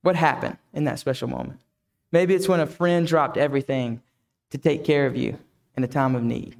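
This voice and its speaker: A man's voice: mid-range voice, steady tone, normal speed, gravelly. A man preaching a reflective sermon who asks the listeners many questions. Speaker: pastor.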